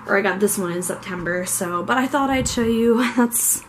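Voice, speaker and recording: A young woman from Ohio talks casually to her camera, rambling and full of fillers. Her voice sits at a middle pitch, and she is recorded in an echoey room with a faint background hum. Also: normal speed. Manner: chatty and rambling, with many fillers. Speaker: vlogger. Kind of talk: casual chat.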